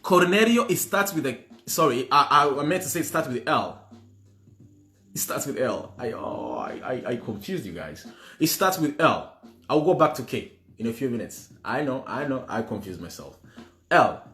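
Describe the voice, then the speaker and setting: A man's voice: mid-range voice, very animated, normal speed, pushed and bright. A man hosting a livestream trivia game, playful and switching languages while greeting viewers by name. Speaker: quiz host. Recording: roomy with music behind.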